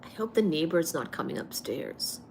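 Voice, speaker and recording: A woman hosting a casual livestream, reading out and thanking viewers' comments, with frequent laughs and throat-clearing. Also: deep voice, sing-song, moderate pace, a little mellow, slight background noise. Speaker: livestream host.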